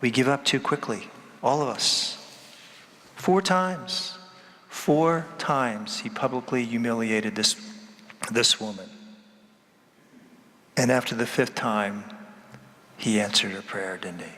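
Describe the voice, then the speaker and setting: A man's voice: mid-range voice, slow pace, pauses often, bright, forceful tone, big-room sound. A man giving a sermon as a priest, emphatic, repeating key words and asking the congregation rhetorical questions.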